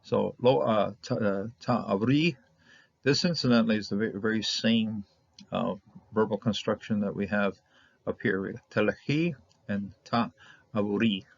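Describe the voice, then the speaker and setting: A man's voice: on the low side, fairly even intonation, a little slow, vocal fry, no echo. A man giving a casual, rambling Bible Hebrew lesson, repeating words and chuckling as he explains. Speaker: Hebrew teacher. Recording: dull lo-fi recording.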